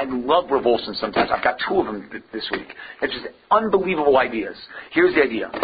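A man's voice: mid-range voice, lo-fi sound, a little hiss or hum. A man teaching a Torah lecture emphatically, firing off rhetorical questions and using Hebrew and Yiddish terms.

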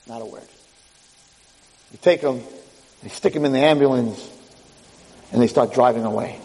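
A man's voice: medium pitch, animated, moderate pace, long pauses, dark tone, echoey room, big-room sound, low-quality recording. A man giving a religious lecture, telling a story vividly and dramatically to a room of listeners.

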